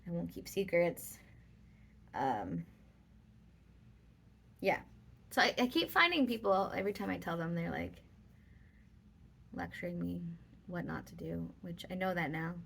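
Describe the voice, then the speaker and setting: A woman's voice: lowish voice, animated, measured pace, vocal fry, pauses often, a bit bright, slightly rough. A woman vlogger telling a personal story in casual, rambling talk with many fillers.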